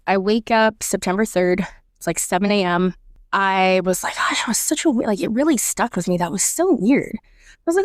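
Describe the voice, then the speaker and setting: A woman's voice: medium pitch, no room sound, studio quality. A woman guest on a podcast, candidly and emotionally telling a personal story and acting out her own thoughts.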